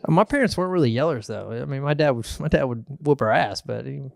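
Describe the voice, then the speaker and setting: A man in his thirties chatting on a podcast, his voice gravelly with a bit of fry. He tells stories in a loose, relaxed way, restarting his sentences often. The sound is close and dry, with no room around it. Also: medium pitch, quick pace, no room sound. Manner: relaxed storytelling with frequent restarts and laughs. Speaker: podcast guest, football player. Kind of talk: casual chat.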